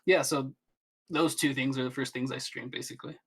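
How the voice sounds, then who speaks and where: A man's voice: mid-range voice, steady tone, a little fast, a crowd in the background. A young man chatting as a podcast guest, rambling with many restarts and fillers. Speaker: guest streamer. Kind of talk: casual podcast chat.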